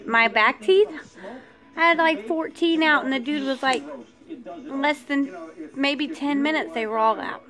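A woman's voice: sits high, unhurried, pauses often. A woman vlogger frankly telling a personal story, aggravated at how she was treated.

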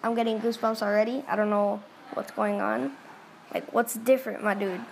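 A woman casually reacting out loud as she reads a chat story, excitable and full of quick exclamations. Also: medium pitch, creaky, slight background noise. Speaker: vlogger reading a chat story.

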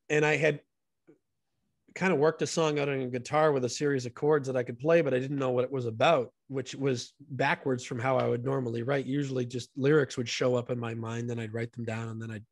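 A man's voice: medium pitch, fairly even intonation, fairly quick, no echo, studio quality. A man, a guest on a podcast, telling stories in an earnest and enthusiastic way. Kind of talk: casual storytelling conversation.

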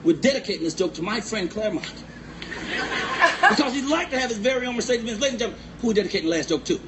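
High-voiced man teasing the crowd. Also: lively intonation, very fast. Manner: loud, playful, teasing the crowd. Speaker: stand-up comedian. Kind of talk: stand-up comedy set. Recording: noisy live recording.

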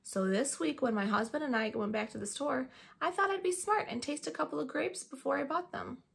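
A woman reading a storybook, voicing a kind, patient schoolteacher who explains things gently and soothingly. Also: sits high, a little fast, gravelly, pitched above the performer's own voice, exaggerated voice. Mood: gentle.

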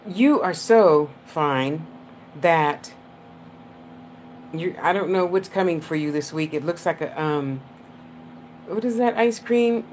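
A woman medium gives a live-streamed psychic reading from a room at home. Her voice sits low. She talks in an affectionate, rambling way and laughs often, and faint noise hums under her. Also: moderate pace, a little mellow.

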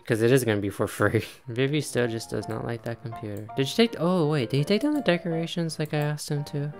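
A man gives easygoing let's-play commentary in a mid-range voice. He chatters along, laughs often and talks directly to the characters on screen. Faint music plays quietly behind him. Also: medium pitch. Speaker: gaming YouTuber.

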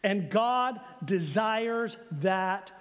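High-voiced preacher in a reverberant church. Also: male voice. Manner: slows and softens for emphasis, leads congregation call-and-response. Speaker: pastor. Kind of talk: sermon. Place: church sanctuary.

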